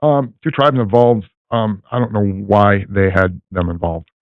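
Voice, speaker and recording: A man's voice: on the low side, steady tone, unhurried, dry recording. An older man rambling through a long personal story, full of fillers and restarts, over a tinny line. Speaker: guest telling a personal story. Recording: tinny phone-like line, dry.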